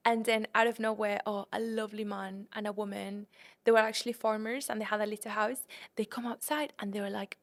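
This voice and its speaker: A young woman hosting a podcast, telling a travel story in an animated way and acting out her own panicked lines. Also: medium pitch, normal speed. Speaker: podcast host.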